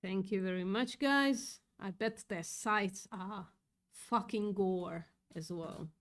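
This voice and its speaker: A woman's voice: mid-range voice, takes it slowly, a bit bright. A woman hosting a casual livestream, upset and thinking aloud, swearing often as she reads chat. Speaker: livestream host reading chat.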